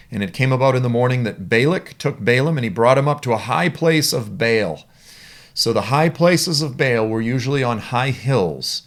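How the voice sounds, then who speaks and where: A man's voice: medium pitch, normal speed, gravelly. A man teaching the Bible in a conversational, storytelling way.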